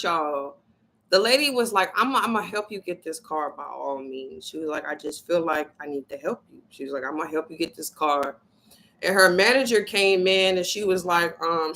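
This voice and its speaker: A woman with a gravelly, bright voice talks casually to her viewers. She is blunt and full of profanity. She acts out the people in her story with lively voices. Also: medium pitch, poor audio. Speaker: spiritual vlogger. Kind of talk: casual motivational talk to viewers.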